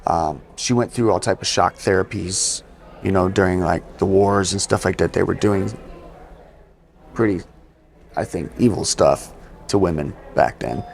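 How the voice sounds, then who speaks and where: A man's voice: low voice, unhurried, gravelly. A man, a guest on an interview show, telling his life story in casual, conversational talk, often adding "you know". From US East Coast. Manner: conversational, sprinkles in "you know" and acts out quotes. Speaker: podcast guest.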